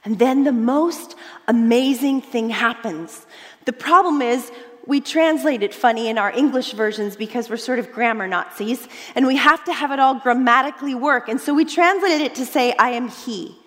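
A woman's voice: high voice, moderate pace. Woman preaching in a reverberant hall. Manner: dramatic storytelling, drops to hushed tones and rises for emphasis. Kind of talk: sermon.

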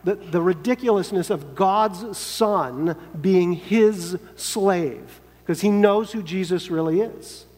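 A man's voice: sits high, slow, hardly any pauses, darkish tone. A man preaching a sermon in an earnest, emphatic way, sometimes acting out quoted lines. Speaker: pastor. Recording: long hall reverb.

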